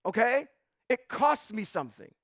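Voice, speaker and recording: A man teaching scripture in a sermon style, reading verses slowly and then preaching with rising emphasis, asking the audience questions. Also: high voice, sing-song, fairly bright tone, no room sound, clean studio sound. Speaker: Bible teacher.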